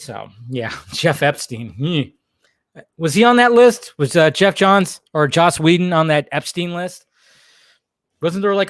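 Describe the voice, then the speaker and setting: A man's voice: a little high, dry recording, studio quality. A young man hosting a casual livestream, reading chat and rambling, jokey and full of swearing.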